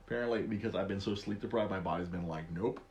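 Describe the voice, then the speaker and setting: A man in his thirties hosting a casual podcast chat, talking haltingly with lots of restarts and frequent laughter. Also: sits low. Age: 30s. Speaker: podcast host.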